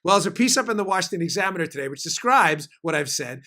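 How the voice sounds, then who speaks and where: A man hosting a political show throws out emphatic, punchy lines. His voice sits high for a man. It has a bright, forceful edge. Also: expressive. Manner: emphatic, fast-shifting, punchy delivery. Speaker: host. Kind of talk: political talk show commentary.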